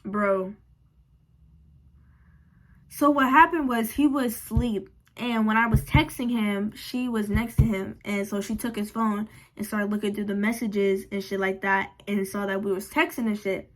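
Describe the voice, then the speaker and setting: A young woman vlogger telling a storytime in a casual, animated, slangy and frank way. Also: medium pitch, normal speed, few pauses.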